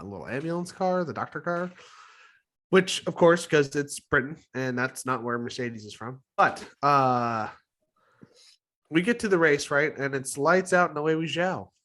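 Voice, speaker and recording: A man's voice: mid-range voice, a bit bright. A man co-hosting a podcast in casual, rambling chat, swearing freely. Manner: rambling, profane, chuckling. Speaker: podcast co-host.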